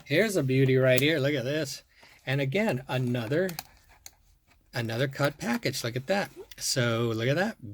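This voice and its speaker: A man with an animated mid-range voice, speaking at normal speed, shows off his toy car collection in a casual show-and-tell vlog. He talks admiringly, repeating himself and thinking aloud as he goes.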